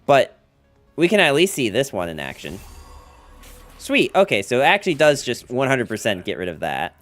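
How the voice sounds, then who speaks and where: An American man talking through a card game on his live stream, chatty and playful as he teases his chat. His voice sits at a medium pitch but moves around a lot. Faint music plays under him. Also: very animated, fairly quick, fairly bright tone. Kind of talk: casual gameplay commentary.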